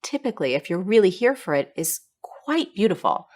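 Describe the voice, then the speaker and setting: A woman's voice: mid-range voice, very animated, brisk, a little mellow. A woman interviewer asking questions and reflecting on the answers.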